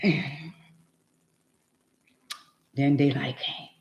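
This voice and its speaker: A woman's voice: rumbling low, fairly even intonation, drawn-out words, creaky, roomy sound, highs cut off. A woman telling her own life story to her viewers in an emphatic, rambling, casual way.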